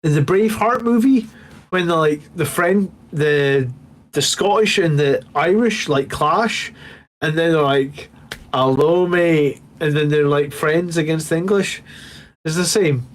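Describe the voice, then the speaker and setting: A man in his thirties chats loosely on a late-night hobby livestream, his voice sitting a little higher than most men's. He rambles, swears freely and thanks his viewers while working through a beer and a whiskey. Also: a little slow.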